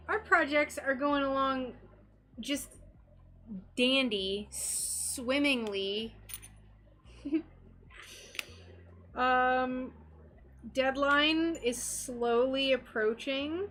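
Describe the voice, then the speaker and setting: A woman's voice: sits high, extremely slow, long pauses, a bit bright. A woman chatting casually and giggling as she works on stained glass during a live stream, reading out messages from her viewers. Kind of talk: casual live-stream chat while crafting.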